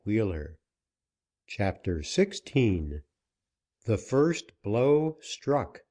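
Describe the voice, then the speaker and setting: A man reading a western novel aloud as an audiobook narrator, in a steady, unhurried way. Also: fairly low pitch.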